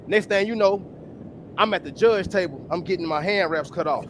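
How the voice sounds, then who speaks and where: A high-voiced man with a Houston-area Texan accent, talking in a loose, profane panel chat. He tells stories with energy and slips into the voices of the people he describes. A faint hum of noise sits behind him. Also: normal speed. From Texas. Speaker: amateur boxer, panel guest. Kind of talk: casual panel chat, storytelling.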